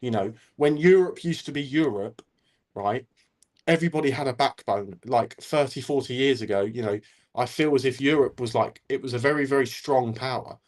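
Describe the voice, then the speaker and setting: A man's voice: mid-range voice, moderate pace. A man ranting casually as a guest on a talk stream, blunt and full of swearing.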